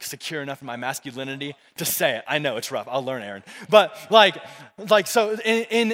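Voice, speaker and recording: Preaching to young people in a big, echoing room, this young pastor keeps it casual and repetitive, calling on the crowd to say words back to him. His voice is a little high with a fairly bright tone.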